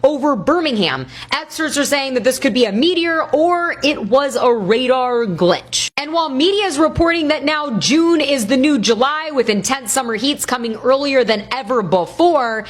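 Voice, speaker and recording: A woman doing a brisk social media news roundup, listing headlines one after another. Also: high-pitched, animated. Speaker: news-style vlogger.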